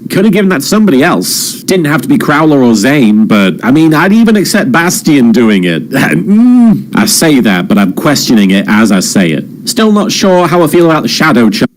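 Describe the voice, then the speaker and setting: A man's voice: on the high side, big pitch swings, moderate pace, low-quality recording. Rambling man in casual commentary. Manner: rambling, many fillers and restarts. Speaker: channel host.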